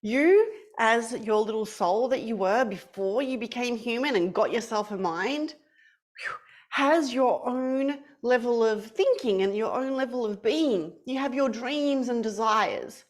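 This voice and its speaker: A young woman teaching an online class for children, telling a story in an animated, playful, sing-song way. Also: fairly high pitch, measured pace.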